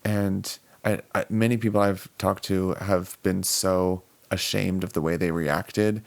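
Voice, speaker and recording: A male podcast co-host speaking in a calm, affirming way, often backing up the others with short agreements. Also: low voice, measured pace, creaky, no room sound. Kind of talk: casual discussion.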